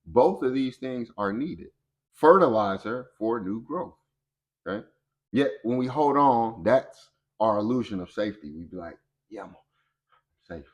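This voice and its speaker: A middle-aged man giving a motivational talk on personal growth, lively and conversational, acting out quoted voices. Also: medium pitch, measured pace.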